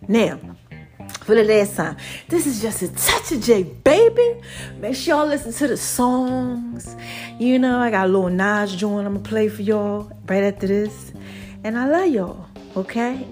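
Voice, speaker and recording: A woman hosting her own faith podcast in a casual, preachy monologue, animated and laughing often. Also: medium pitch. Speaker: podcast host.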